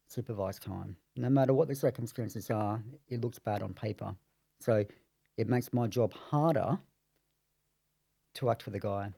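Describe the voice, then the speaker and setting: A man in the role of a family lawyer walks through court procedure in a measured, explanatory way. His voice is gravelly, husky and dark, recorded dry and close on a podcast mic. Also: on the low side, no room sound.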